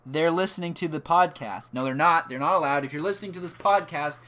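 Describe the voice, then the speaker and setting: A man co-hosting a casual podcast, his voice bright and a little tense. He trades crude jokes and banter in a relaxed chat, sitting slightly above the usual male pitch. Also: fast, hardly any pauses. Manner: joking banter, crude humor. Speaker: podcast co-host.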